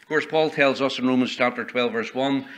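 A man's voice: mid-range voice, a little fast, a bit bright. A male pastor preaching a sermon in a church, reading scripture aloud and building emphasis as he goes. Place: church sanctuary.

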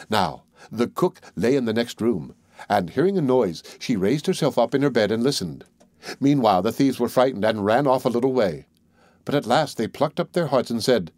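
A man narrating a fairy tale audiobook in a measured, even storytelling manner. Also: mid-range voice, no echo, clean studio sound.

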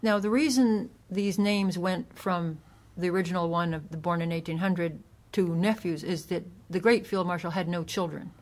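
Low-voiced woman author explaining history. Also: normal speed, hardly any pauses, darkish tone. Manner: explains history at length with restarts. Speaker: author guest. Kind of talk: casual interview.

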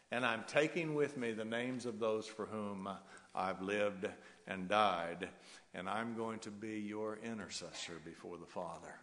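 Low-voiced preacher in a reverberant church. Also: male voice. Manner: emphatic, rhythmic preaching with soft chuckles. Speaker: pastor. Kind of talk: sermon. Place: church sanctuary.

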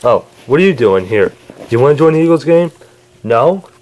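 A man's voice: medium pitch, lively intonation, normal speed, a little mellow, a little hiss or hum. A man bickering and stammering through a homemade comedy skit in which he plays several characters.

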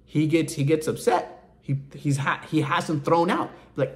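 A man's voice: fairly high pitch, fairly even intonation, normal speed. A man giving an informal, emphatic preaching talk about faith in colloquial language. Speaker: ministry speaker.

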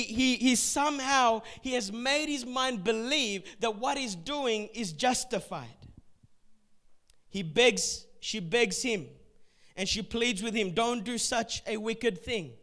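A man preaches with a notably high voice for a man, telling stories from the pulpit. He drops to a hush, then presses his points hard and repeats phrases for weight. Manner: storytelling preacher, swinging between hushed and forceful emphasis; repeats words and restarts phrases for emphasis. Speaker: pastor. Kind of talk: sermon.

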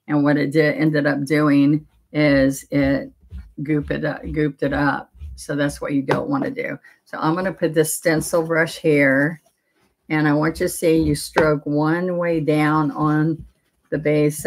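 A woman teaching painting in a live demonstration, talking through each step in a chatty way. Her voice sits low and stays fairly even in pitch. She speaks at a slow, unhurried pace. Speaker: painting instructor.

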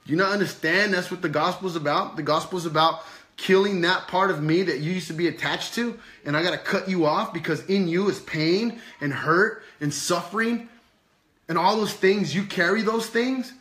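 Preacher guy, keeps asking do you not understand, bright higher voice, echoey room. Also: normal speed. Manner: repetitive rhetorical questions, casual slang. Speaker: preacher and teacher. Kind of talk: informal sermon with a puppet.

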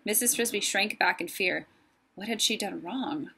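Husky woman reading a story aloud. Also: mid-range voice, normal speed, bright, forceful tone. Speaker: teacher reading to a class. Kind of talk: reading a novel chapter aloud.

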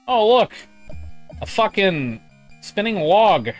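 A man's voice: sits high, sing-song, takes it slowly, long pauses, a bit bright, faint music behind. A man live-streaming a game, chatting casually, reading chat aloud and swearing often. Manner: profane, rambling, reads chat aloud.

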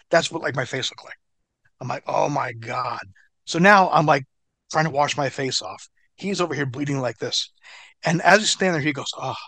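A man telling a story in an animated, profane way, with a bright, forceful voice set a little high. The sound is dry and close, with no room around it. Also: breathy edge, no echo. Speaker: interview guest. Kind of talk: storytelling in an interview.

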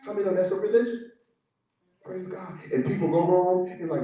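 A man's voice: sits high, a little fast, warm tone, muffled recording. A man preaching a sermon as pastor, emphatic and full of "glory to God" interjections, acting out little conversations in mocking voices. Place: church sanctuary. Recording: echoey church sound from a distance.

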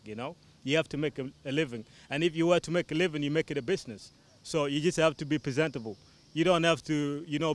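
Earnest man musician, slightly high voice. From South Sudan. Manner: loose and earnest, leans on "you know". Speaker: musician guest. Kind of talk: casual interview answers. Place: television studio.

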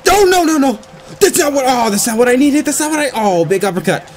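A man giving excited, frantic commentary while playing a wrestling video game, groaning one moment and yelping the next. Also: extremely high pitch, quick pace, a crowd in the background. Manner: frantic, swings between groans and yelps. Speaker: gaming channel host.

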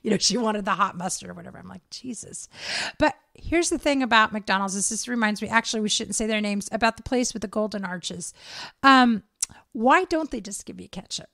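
A woman's voice: medium pitch, brisk, creaky, dry recording, studio quality. A woman in her fifties co-hosting a casual podcast, telling stories and acting out the lines of the people in them. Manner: animated storyteller acting out quotes. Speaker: podcast co-host. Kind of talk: casual chat.

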